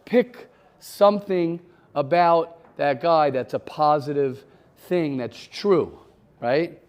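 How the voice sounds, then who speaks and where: A man's voice: fairly high pitch, takes it slowly, darkish tone. A man giving an informal Torah class in a conversational way, often repeating phrases and taking questions from students.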